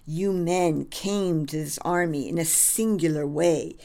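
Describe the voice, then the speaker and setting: A solemn male general addresses his troops in a grave, earnest tone, as a woman reads him out. The voice sits low and unhurried, each phrase weighed out slowly like a storybook reading. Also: vocal fry, mellow.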